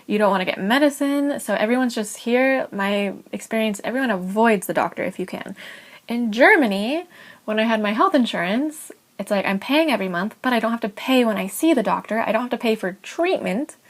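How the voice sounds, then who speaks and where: A woman's voice: a little high, a little fast. A young woman from California with an American accent, telling a personal story in a casual, chatty vlog full of "like" and light laughs. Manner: chatty and animated, with frequent "like" and laughs. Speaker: vlogger.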